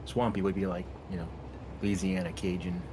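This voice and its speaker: A man's voice: low-pitched, flat delivery, moderate pace, background noise. A man chatting while playing a game with a friend, laid-back and a little hesitant. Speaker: co-player. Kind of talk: casual gaming chat. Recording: game sounds under voice.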